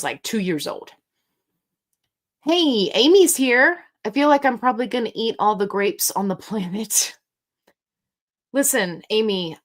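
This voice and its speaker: A woman hosting a live question-and-answer stream, chatting casually to her viewers. She rambles cheerfully, jumps off on tangents and tells jokey little stories in a relaxed, everyday voice. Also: mid-range voice. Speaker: host. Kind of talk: casual livestream Q&A chat.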